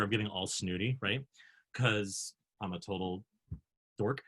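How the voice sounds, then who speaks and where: A man hosting a video panel, telling a self-mocking backstage story with animated, acted-out quotes. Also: lowish voice, brisk. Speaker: panel host, actor. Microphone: video call.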